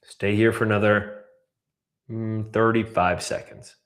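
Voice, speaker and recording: A man coaching a guided breathwork class, calmly cueing breaths and counting down holds. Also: lowish voice, measured pace. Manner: calm, counts down and cues breaths.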